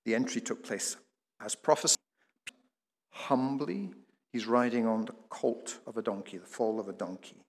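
A man's voice: mid-range voice, moderate pace, in a large hall. A man preaching a sermon, explaining the passage and posing rhetorical questions with occasional restarts.

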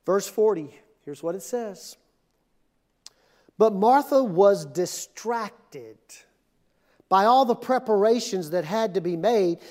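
High-voiced, animated preacher man. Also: slow pace, long pauses. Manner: conversational, animated preaching, asks the crowd. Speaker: pastor. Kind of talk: sermon. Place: air-conditioned church auditorium.

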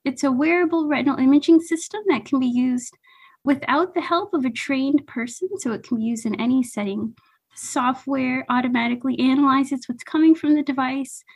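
A woman's voice: sits high, normal speed, darkish tone, slightly rough. A woman founder being interviewed on a podcast, upbeat and enthusiastic about her company. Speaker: startup founder, podcast guest.

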